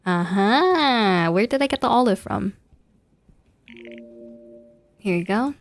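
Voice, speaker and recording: Be a young woman streaming a game: casual and playful, laughing at yourself, with a middle-pitched everyday voice. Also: animated, slow pace, dry recording. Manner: giggly, playful, self-mocking. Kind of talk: casual gameplay commentary.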